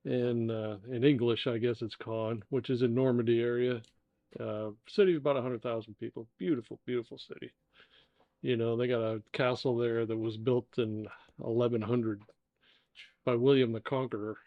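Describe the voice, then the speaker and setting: A man's voice: medium pitch, fairly even intonation, normal speed, no room sound, phone-quality sound. An older American man, the father co-hosting a casual home podcast, telling easygoing travel stories with lots of fillers. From United States. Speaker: co-host, the father. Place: indoor dining room.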